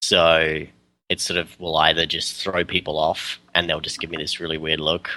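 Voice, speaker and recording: A man with an Australian accent, a guest in a casual podcast interview, talking in an easygoing way with frequent laughs and pauses. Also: very deep voice, level tone, bright, forceful tone. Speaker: guest, custom terrain maker.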